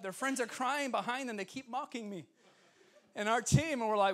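A man's voice: extremely high pitch, moderate pace. A young man preaching as a guest speaker, telling stories with laughter and acting out the voices of people in them. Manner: animated, laughing, acts out voices in his stories. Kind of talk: sermon storytelling. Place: church sanctuary.

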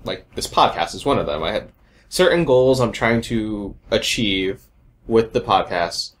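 A man's voice: lowish voice, lively intonation, a little slow. Chatty young man hosting a podcast. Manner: chatty, joking, wanders off on tangents. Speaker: podcast host. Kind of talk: casual chat.

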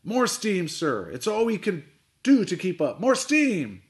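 A man's voice: medium pitch, lively intonation, moderate pace, close to an everyday voice. A man doing a roaring bullheaded old sea captain. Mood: blustering. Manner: roaring, barking orders.

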